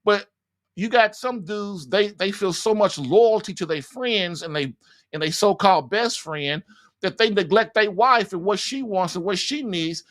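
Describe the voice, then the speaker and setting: A man's voice: high voice, unhurried, a bit bright. Blunt, folksy man giving marriage advice. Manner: blunt, folksy, laughs at his own points. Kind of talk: casual advice monologue.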